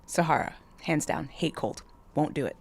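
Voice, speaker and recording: A woman guest on a podcast, chatting casually and laughing often, giving short relaxed answers. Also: low voice, normal speed, vocal fry. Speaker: guest, pro cyclist.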